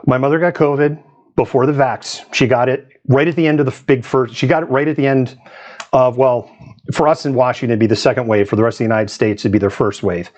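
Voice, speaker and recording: A man's voice: medium pitch, fairly even intonation, quick pace, a little mellow. A man from the US East Coast hosting a live news stream, talking in a chatty, digressive way and laughing often. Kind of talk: casual live-stream commentary.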